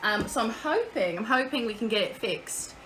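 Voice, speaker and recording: A woman's voice: on the high side, expressive, normal speed, fairly bright tone, slight background noise. A woman streaming from home in casual live-stream chat, chatty, swearing casually and answering chat aloud.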